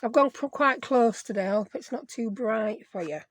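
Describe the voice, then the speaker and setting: A woman's voice: on the high side, normal speed, a little hiss or hum. A woman hosting a casual craft tutorial, chatty and self-deprecating, thinking aloud as she works. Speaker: craft video host.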